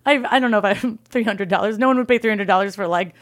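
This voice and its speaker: Comedian guest, woman from Alaska; lively, salty storyteller with a dry, close mic. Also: medium pitch, rapid-fire, no room sound. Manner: animated, swears freely, acts out other people's lines. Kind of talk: casual storytelling.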